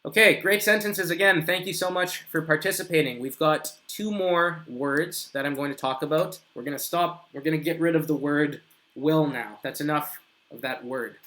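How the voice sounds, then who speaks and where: A man teaching an English grammar lesson live, reading viewers' comments aloud, correcting them and drawing out his example sentences slowly. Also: fairly high pitch, sharp tone.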